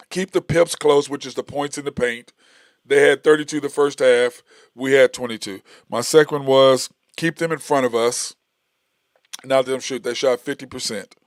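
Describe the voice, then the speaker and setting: A man's voice: mid-range voice, no room sound, clean studio sound. A middle-aged man hosting a casual solo sports talk show, rambling with fillers and restarts. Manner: animated storytelling, gets heated and loud when retelling a confrontation. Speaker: sports podcast host.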